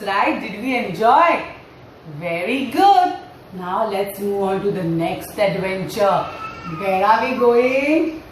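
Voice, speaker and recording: Recorded in a very echoey room with faint ambience and background noise, a woman's fairly high voice comes from a distant mic. She's a yoga trainer running a playful parent-and-child class, posing questions to the group in a sing-song, storytelling way.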